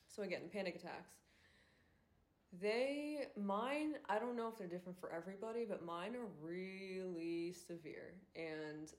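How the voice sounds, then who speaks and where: A young woman talks through her own podcast episode in a loose, rambling way, dotted with "like" and "um". Her voice sits a little low for a woman, and the room rings with noticeable echo. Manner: candid, rambling, many fillers like "like" and "um". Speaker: podcast host and influencer. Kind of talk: casual solo podcast monologue. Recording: roomy echo.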